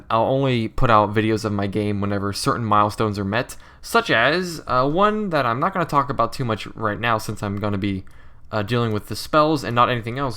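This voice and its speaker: A man's voice: mid-range voice, sharp tone. A young man with a nasal, irritated-throat voice, talking casually as he programs his game, thinking aloud and correcting himself. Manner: rambling, self-correcting, thinks aloud while typing. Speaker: game developer. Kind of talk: casual coding commentary.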